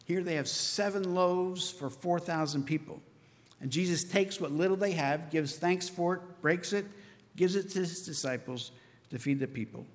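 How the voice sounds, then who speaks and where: A man preaching a sermon, telling the story with lively asides and acting out the disciples' voices. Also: high-pitched, moderate pace, long reverb tail. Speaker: pastor.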